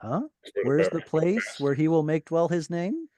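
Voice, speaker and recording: A man's voice: a little high, expressive, a little slow, a little mellow, no room sound. A man teaching an online Hebrew reading class, patiently explaining grammar and encouraging his students. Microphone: video call.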